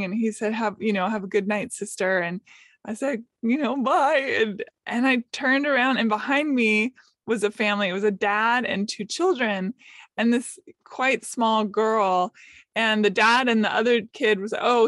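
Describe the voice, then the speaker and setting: A woman's voice: a little high, a bit bright, no room sound, clean studio sound. A woman, a podcaster and guest, telling an emotional personal story in conversation, self-deprecating and openly emotional. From United States. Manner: emotional, self-deprecating, quotes others in light voices.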